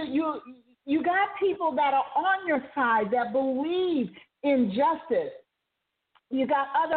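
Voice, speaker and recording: A woman hosting a talk radio show, speaking earnestly and conversationally with frequent fillers. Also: high-pitched. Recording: phone-like narrow sound.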